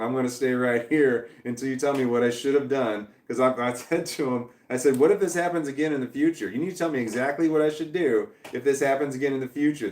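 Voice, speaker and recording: A man's voice: mid-range voice, darkish tone, echoey room. A man on a casual livestream, ranting heatedly and swearing, with laughs between sentences. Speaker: vlogger.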